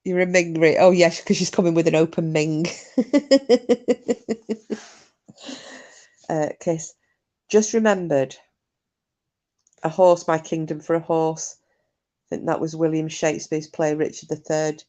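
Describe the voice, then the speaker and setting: A woman's voice: low-pitched, a little slow, pauses often, darkish tone. Chatty woman hosting a live stream. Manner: chatty, rambling, frequent restarts and fillers. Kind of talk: casual chat.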